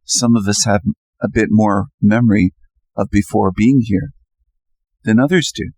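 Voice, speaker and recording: Insistent low-voiced man lecturing viewers. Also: a little slow, darkish tone, no echo. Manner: insistent, challenging, rhetorical questions. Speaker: channel host. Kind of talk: solo monologue to camera.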